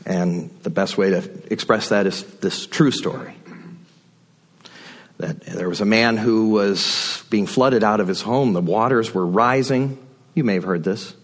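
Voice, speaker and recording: A man's voice: fairly low pitch, unhurried. A man giving a sermon from a church pulpit, conversational and reflective, with folksy asides. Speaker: guest speaker at the pulpit. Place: church sanctuary.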